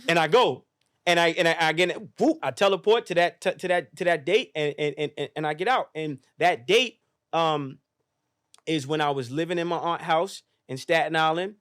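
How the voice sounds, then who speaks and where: An emphatic man speaks with a slightly high voice, hammering phrases again and again with a preacher's cadence. He swears freely as a podcast guest giving a motivational talk. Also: normal speed, a bit bright.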